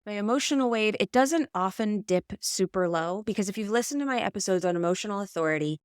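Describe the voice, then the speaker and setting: A woman hosts her own podcast and talks through ideas at an easy, reflective pace, explaining as she goes. Her voice sits at a middle pitch, and the recording is close and dry with no room sound. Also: lively intonation, quick pace, smooth, no room sound. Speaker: podcast host. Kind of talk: casual solo podcast talk.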